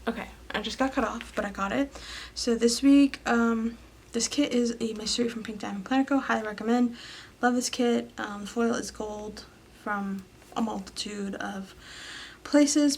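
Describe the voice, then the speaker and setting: A young woman chats her way through her planner in a slightly high voice with a gravelly fry. She sounds tired and rambles with fillers, sometimes dropping to a whisper. Faint noise sits under the home recording. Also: fairly even intonation, normal speed. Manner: rambling, filler-heavy, often trails into whispers. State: tired, yawning late at night. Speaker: planner vlogger. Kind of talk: casual chatty voice-over. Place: home, late at night.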